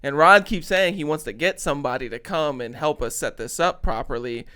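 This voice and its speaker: A man's voice: a little high, brisk, sharp tone. A man co-hosting a podcast in casual chat, telling stories in a rambling way. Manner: rambling, laughs while retelling. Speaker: podcast co-host.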